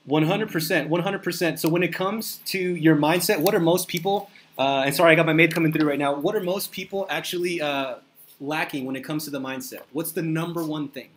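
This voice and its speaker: A man's voice: on the high side, a little fast, a little hiss or hum. A man hosting a casual business podcast, hyped and slangy, acting out little voices of people he mentions. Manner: hype, slangy, animated impressions. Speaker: podcast host.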